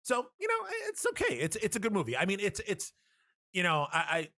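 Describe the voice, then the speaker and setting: Casual: cussing podcast guy, kinda high voice, gets animated retelling stuff, dry close mic. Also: brisk, no echo. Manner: profane, animated retelling with impressions. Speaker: podcast co-host.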